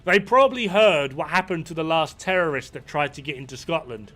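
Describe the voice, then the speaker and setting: A man's voice: on the high side, fairly quick, a bit bright, faint music behind. A man giving rambling, amused commentary while he plays a video game. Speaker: gaming streamer. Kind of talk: casual commentary while playing.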